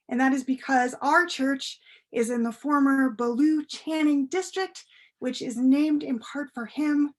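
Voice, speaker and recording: A woman telling a children's story at a church service in a gentle, expressive way. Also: fairly high pitch. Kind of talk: storytelling for all ages.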